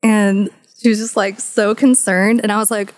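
A woman's voice: medium pitch, flat delivery, brisk. A woman co-hosting a casual talk, telling open personal stories with easy laughs and lots of "like" fillers. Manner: candid storytelling, laughs easily, many "like" fillers. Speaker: podcast co-host. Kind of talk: casual discussion.

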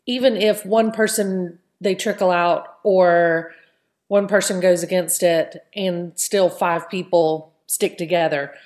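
A woman's voice: fairly low pitch, steady tone, slow pace, a little mellow. A woman hosting a casual podcast chat, talking loosely and often tagging her points with "right?". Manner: chatty, keeps adding "right?". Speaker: podcast host.

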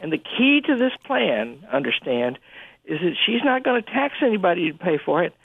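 Male radio guest on a tinny phone line, gravelly, husky, lively pitch swings, animated storyteller. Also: moderate pace, dry recording. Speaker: guest commentator. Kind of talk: conversational radio discussion. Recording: phone-line quality, dry.

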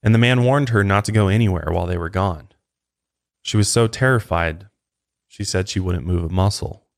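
A man with a fairly low voice recounts a crime story at an even, conversational pace, slipping into casual asides now and then. His telling stays plain and steady. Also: moderate pace. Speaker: true crime podcast host.

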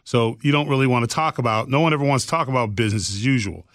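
A podcast co-host with a medium-pitched, slightly bright voice talks very fast in a clean studio recording with no room sound. In casual chat, he tells a story earnestly and voices the people in it through quotes.

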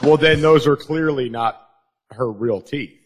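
A man co-hosting a crude comedy news podcast, firing off blunt wisecracks and quick retorts. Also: mid-range voice. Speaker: podcast co-host.

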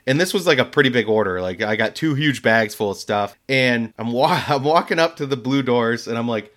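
A man's voice: mid-range voice, a little fast, hardly any pauses. A man casually telling a story about a delivery, laughing often and acting out the people he quotes. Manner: animated, laughs often, acts out voices in quotes.

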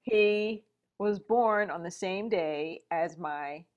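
A middle-aged woman telling a personal story in conversation, animated and full of asides and fillers. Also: medium pitch, slow, muffled recording. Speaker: guest.

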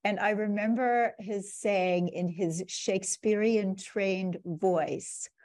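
A woman's voice: medium pitch, steady tone, slow, a little mellow, no echo. A woman hosting a podcast interview, reacting with enthusiasm in casual conversation. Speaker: podcast host. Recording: dry close recording.

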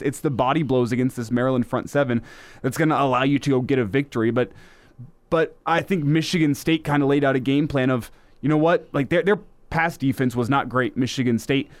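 A man's voice: medium pitch, dry recording. A man co-hosting a sports radio show, talking through a point with a string of rhetorical questions. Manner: fast, poses rhetorical questions. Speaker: radio co-host.

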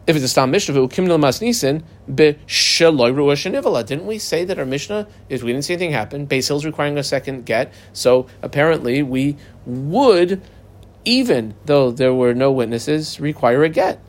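A man teaching a Talmud page, reading the Aramaic text aloud and explaining it in casual, lively English. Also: fairly high pitch.

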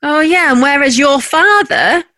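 An actress playing a sharp-tongued, sarcastic working-class wife and mother. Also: sits high, lively intonation, heavily acted. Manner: dry, sarcastic, drawn-out. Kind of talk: audio drama acting.

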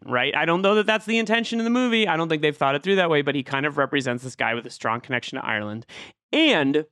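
A man's voice: mid-range voice, sharp tone, smooth, dry recording, clean studio sound. A man co-hosting a film podcast, laying out a reflective counter-argument in casual chat. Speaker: podcast co-host.

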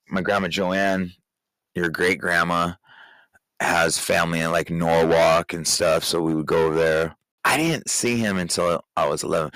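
Low-voiced man, candid emotional podcast talk. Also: fairly bright tone, no echo, low-quality recording. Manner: candid and emotional, halting with restarts. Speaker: podcast host, father speaking to his daughter. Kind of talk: personal podcast monologue.

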